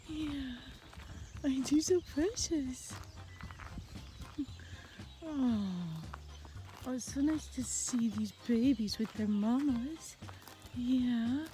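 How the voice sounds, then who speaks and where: A woman cooing at calves outdoors in high, sing-song baby talk. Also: noisy background. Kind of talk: cooing at farm animals. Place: outdoors on a farm.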